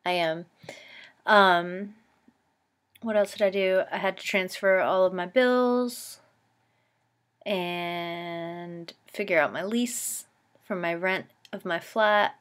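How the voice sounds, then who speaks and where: A woman in her twenties from the East Coast of the US vlogs casually to her camera at home, rambling with lots of "like" and "um". Her lowish voice is a bit bright, slow-paced and full of pauses.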